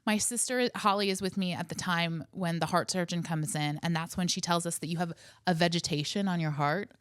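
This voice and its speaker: A woman's voice: lowish voice, steady tone, fairly quick, clear, resonant tone, no room sound, clean studio sound. A woman co-hosting a podcast, recounting a hard story step by step in an earnest, conversational way. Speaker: podcast co-host. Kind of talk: casual storytelling chat.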